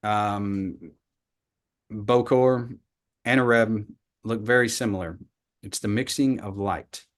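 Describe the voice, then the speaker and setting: Halting man teaching scripture. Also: fairly low pitch. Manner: halting, repeats words, then reads scripture aloud with emphasis. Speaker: Torah study teacher. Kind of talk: live online Bible study lesson with slides.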